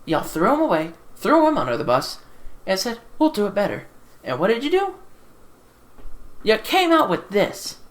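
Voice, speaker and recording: A woman's voice: mid-range voice, wildly swooping pitch, moderate pace, long pauses. A woman giving a casual, exasperated film review into a desktop USB microphone while seated at home, repeating herself and swearing. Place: sitting in a chair at home.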